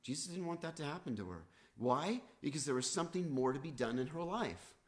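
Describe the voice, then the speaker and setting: A man's voice: a little high, expressive, brisk. A man preaching a sermon as pastor, earnest, with rising and falling emphasis. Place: church, livestreamed.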